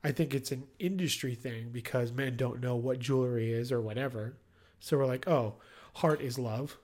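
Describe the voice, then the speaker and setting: A man's voice: mid-range voice, fairly even intonation, normal speed, darkish tone. A man co-hosting a podcast, recapping a TV episode in a joking, offhand way with plenty of fillers. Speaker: podcast co-host. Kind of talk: casual chat recapping a TV episode.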